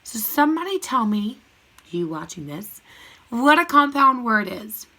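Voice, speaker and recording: A woman with a bright, fairly high voice teaches a phonics lesson to young children. She sounds out words slowly and patiently, thinking aloud as she writes on the board. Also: very animated, poor audio. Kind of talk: recorded classroom lesson.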